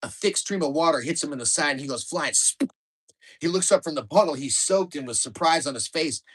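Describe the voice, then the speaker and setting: Man reading his memoir, wry and lively. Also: on the high side, brisk, slightly rough. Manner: wry, lively delivery that speeds up at exciting moments. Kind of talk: storytelling book reading.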